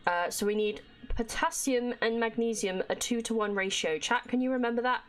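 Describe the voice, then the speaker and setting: A woman's voice: on the high side, normal speed. A woman livestreaming a game, chatting casually to her viewers and reading the in-game notes and letters aloud. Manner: chatty, talks to her chat and reacts as she plays.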